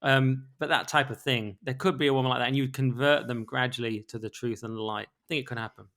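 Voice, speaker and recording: British man, podcast co-host, fast pace, bright forceful tone, casual opinionated chat. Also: medium pitch. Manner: fast, animated, acts out voices of others.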